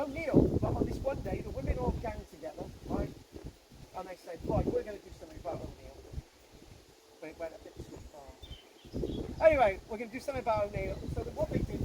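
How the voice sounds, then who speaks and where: A man's voice: high-pitched, very noisy. A man guiding a ghost walk, telling a local legend to a group in a chatty way that keeps checking in with the listeners. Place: outdoors on a walking tour.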